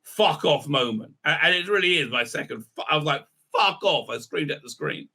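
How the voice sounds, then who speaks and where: A man's voice: a little high, fairly quick, sharp tone, breathy edge. A man giving an exasperated, sarcastic recap review, full of "uh" fillers. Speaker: YouTube reviewer. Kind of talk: ranting episode recap.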